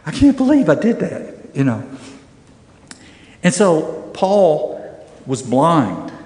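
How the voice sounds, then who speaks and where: Middle-aged male Bible class teacher, animated, high-pitched, recorded in a reverberant church room. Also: slow. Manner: animated, acts out quoted voices. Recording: echoey room with long reverb.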